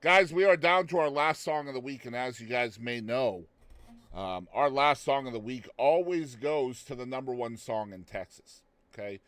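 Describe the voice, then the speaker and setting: A middle-aged man from Boston hosts a music show in a chatty, easygoing way, often pausing on an um. His voice sits in a middle pitch. The sound is close and dry, with no room around it. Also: no echo. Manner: chatty, loose, many ums and restarts. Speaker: radio show host. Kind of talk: casual music show hosting.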